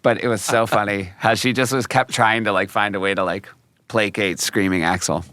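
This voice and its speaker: A man in his thirties, co-hosting a podcast in casual chat and telling lively stories about his kids. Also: lowish voice, normal speed, dry recording. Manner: animated storyteller, mimics his kids. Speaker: podcast co-host.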